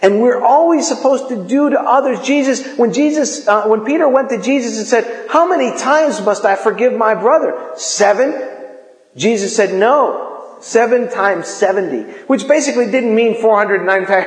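A man preaching a sermon in a lively, conversational way, acting out quotes as he goes. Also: extremely high pitch, normal speed. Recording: echoey hall.

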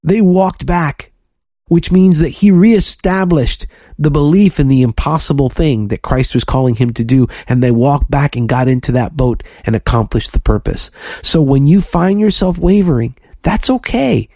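A man co-hosting a faith podcast, preaching fervently and telling lively stories to his listeners. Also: a little high, normal speed, no room sound, studio quality. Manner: fervent, preachy, animated storytelling. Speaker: podcast co-host.

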